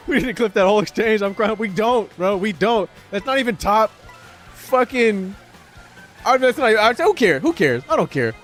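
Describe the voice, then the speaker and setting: High-voiced profane streamer man. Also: big pitch swings, moderate pace, a bit bright, soft background music. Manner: profane, sarcastic, rambling chat with viewers. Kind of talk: live-stream commentary while gaming.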